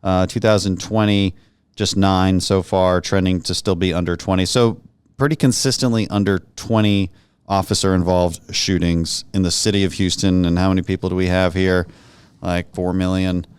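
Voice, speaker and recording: A man's voice: sits low, normal speed, clean tone, no echo, clean studio sound. A man hosting a podcast interview, chatting casually and jokingly with plenty of fillers. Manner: relaxed, joking, many fillers. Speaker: podcast host, congressman.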